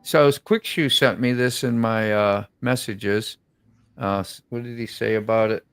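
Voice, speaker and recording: A man's voice: fairly low pitch, measured pace, fairly bright tone, clear, resonant tone, dry recording, low-quality recording. A man hosting a casual chat in a laid-back way, full of "you know" and "man". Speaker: show host.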